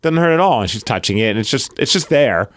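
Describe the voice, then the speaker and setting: Animated man telling a story. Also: mid-range voice, fast, no echo. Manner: animated storyteller, laughs often. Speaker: podcast co-host. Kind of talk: casual chat.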